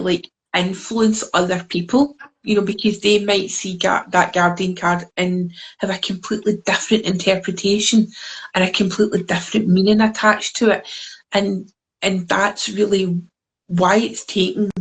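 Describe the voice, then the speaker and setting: A woman's voice: medium pitch, rough recording. A Scottish woman being interviewed over a video call, telling a story in a rambling way with many fillers and restarts. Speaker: guest, deck creator.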